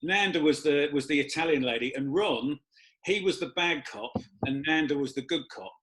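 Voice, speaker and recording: A man, hosting a casual chat and telling lively anecdotes in which he acts out the people he quotes. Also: fairly high pitch, normal speed. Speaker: host.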